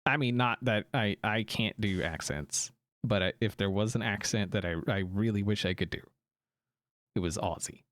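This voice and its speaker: American man, gaming streamer, casual chat, rambling, self-correcting, lowish voice, dry close sound. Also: moderate pace, a bit bright, no echo.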